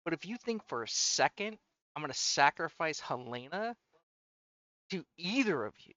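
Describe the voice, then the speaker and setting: A man's voice: on the high side, sing-song, normal speed, bright, forceful tone, no room sound. A man playing a tabletop game, blunt and argumentative as he bargains in character. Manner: blunt, argumentative, pushes to the point. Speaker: player. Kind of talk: casual tabletop game chat and in-character negotiation. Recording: dull lo-fi mic.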